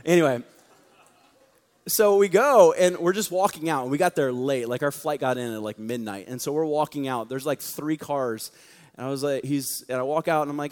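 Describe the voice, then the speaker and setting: A man preaching to a young church audience in a joking, energetic storytelling way. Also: fairly high pitch, fairly quick. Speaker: youth pastor. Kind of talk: sermon. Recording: long reverb of a large hall.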